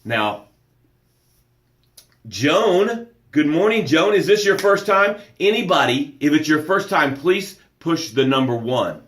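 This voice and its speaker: A man's voice: on the high side, big pitch swings, slow, fairly bright tone, echoey room. A man hosting a live motivational show, speaking with emphatic, preacher-like energy and greeting viewers by name as he reads their comments. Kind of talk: live-streamed motivational talk.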